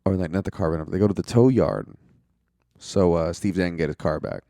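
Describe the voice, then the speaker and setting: A man's voice: sits low, brisk, warm tone, dry recording, studio quality. A young man casually recapping a movie as a reviewer, loose and profane, full of "like", laughing at his own jokes. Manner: loose and profane, heavy use of "like".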